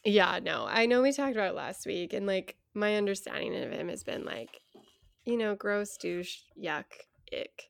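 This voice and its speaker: Gravelly-voiced woman in frank podcast chat. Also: mid-range voice, animated, moderate pace. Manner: earnest, frank, laughs often. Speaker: podcast co-host. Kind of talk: casual chat.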